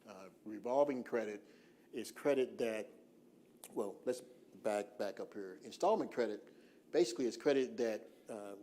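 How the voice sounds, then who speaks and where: A man presenting a financial workshop in an informal seminar style, relaxed and full of fillers, slowing down on purpose to stress key points. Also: mid-range voice, a little hiss or hum. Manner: relaxed, lots of "uh" fillers, slows down deliberately for emphasis. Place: church hall.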